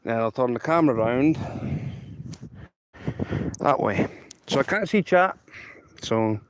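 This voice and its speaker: A man's voice: medium pitch, expressive, measured pace, slight background noise. A Scottish man chatting casually to viewers on a live stream by a railway line outdoors, rambling and emphatic and repeating himself, into a handheld camera. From Scotland. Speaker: trainspotting livestreamer.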